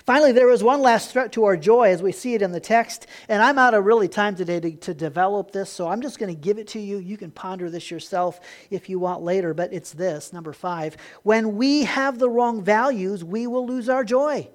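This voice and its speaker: An earnest man preaching a sermon to his congregation. He pushes some points hard and lets others fall soft and low. Now and then he stumbles and repeats a word before going on. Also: fairly quick, hardly any pauses. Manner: earnest preaching, swings from emphatic to quiet; repeats words when restarting. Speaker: pastor.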